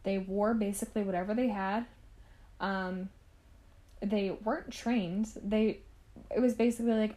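A woman's voice: mid-range voice, steady tone, a little slow, long pauses, warm tone. Woman, podcast host, casual history storytelling, chatty, asides to listeners.

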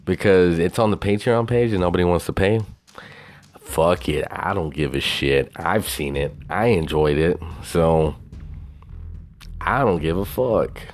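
Very deep-voiced profane podcast host. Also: male voice, lively intonation, measured pace. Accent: Southern US. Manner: profane, boastful, rambling. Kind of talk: casual solo podcast talk.

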